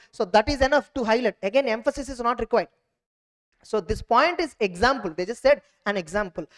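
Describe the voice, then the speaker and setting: A woman giving an exam revision lecture, drilling points and often checking that students follow. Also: a little high. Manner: drilling, keeps checking understanding with quick questions. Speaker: teacher.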